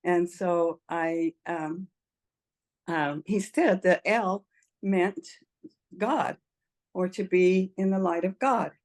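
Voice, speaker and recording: A woman's voice: fairly low pitch, takes it slowly, pauses often. An older woman telling her personal story in an interview, earnest and emotional, laughing often as she speaks. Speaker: interview guest. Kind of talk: personal testimony in conversation.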